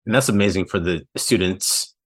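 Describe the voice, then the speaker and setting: A man's voice: sits low, moderate pace, a bit bright, breathy edge. A man hosting a podcast interview, affirming and encouraging his guest. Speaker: podcast host. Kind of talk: interview conversation.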